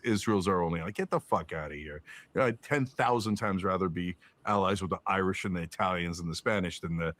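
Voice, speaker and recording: A man's voice: lowish voice, a bit bright. A man giving heated, profane political commentary as a podcast guest, firing off rhetorical questions. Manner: emphatic, profane, rhetorical questions, mocking put-on quotes.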